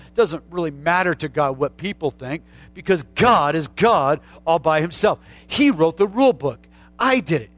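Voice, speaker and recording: A middle-aged male pastor preaching a sermon, calling out to the congregation and rising to shouts. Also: fairly high pitch.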